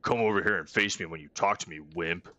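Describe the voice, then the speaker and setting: A man's voice: low voice, quick pace, bright, forceful tone, no room sound. A man reading as a scornful burly shopkeeper. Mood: gruff. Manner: curt, scornful line reading. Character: arrogant burly male weapon-shop owner, gruff and sexist. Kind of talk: reading game dialogue aloud.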